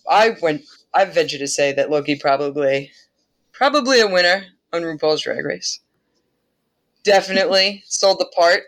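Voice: mid-range voice, fairly bright tone. A podcast host casually retelling a myth in an irreverent way, laughing often and swearing now and then.

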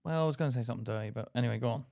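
A man's voice: medium pitch, very fast, vocal fry, dark tone. A man co-hosting a casual podcast chat, teasing and jokey, laughing often. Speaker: podcast co-host.

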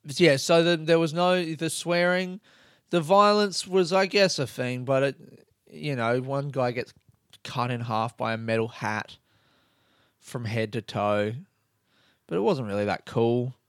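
A man's voice: mid-range voice, measured pace, clean tone, no echo, studio quality. A man ranting about a movie on a podcast, swearing and mocking it between bursts of laughter. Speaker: podcast host. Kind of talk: casual podcast movie rant.

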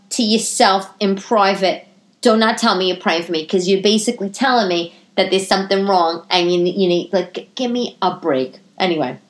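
A woman in her thirties talks straight to her listeners in a loose solo podcast, recorded at home in her living room. She is chatty and salty, and her voice keeps jumping high for animated asides. Her voice sits in an ordinary middle range for a woman. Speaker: podcast host. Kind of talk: casual solo podcast monologue.

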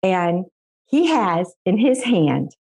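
A woman's voice: on the low side, big pitch swings, slow pace, warm tone, husky. Middle-aged American woman, interview guest, emotional testimony, earnest delivery. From United States. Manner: earnest, emotional storytelling with laughs. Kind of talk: personal faith testimony.

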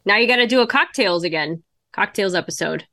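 A chatty woman co-hosts a casual podcast, thinking aloud as she clicks through things. Her voice is bright and forward at a middle pitch, recorded close and dry. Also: lively intonation, fairly quick, no echo. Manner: chatty, thinks aloud while browsing ticket sites. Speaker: podcast co-host. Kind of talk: casual chat.

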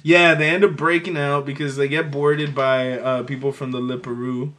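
A man's voice: mid-range voice, flat delivery, moderate pace, a bit bright. A man in casual movie review chat, jokey and profane, often bursting into laughter.

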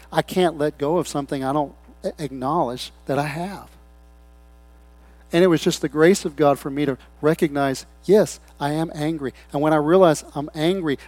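A pastor preaching a sermon, swinging between loud appeals and hushed, quiet asides, acting out short quoted voices. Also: male voice, a little high, no echo. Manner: acts out people's voices in short quoted bits.

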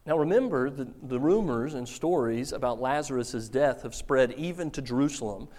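A man preaching a sermon, telling the story with lively acted-out quotes. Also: medium pitch, normal speed. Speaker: pastor.

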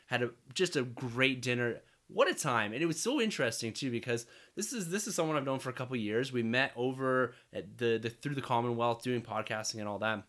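A man's voice: mid-range voice, expressive, a little fast, a bit bright. A man co-hosting a podcast, chatting casually and with enthusiasm about a trip. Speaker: podcast co-host. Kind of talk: casual chat.

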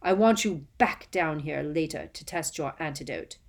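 A sneering schoolmaster clips off his words coldly and curtly. A woman reading a story puts him on. He gives orders with no warmth at all. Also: sits low, animated, moderate pace. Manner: curt, cold. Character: cold, sneering male potions teacher. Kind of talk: audiobook character voice.

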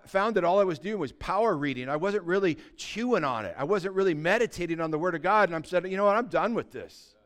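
A man preaching a sermon as pastor, talking conversationally and building to loud, emphatic peaks, often acting out what people say. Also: high-pitched. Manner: acts out quoted voices of believers.

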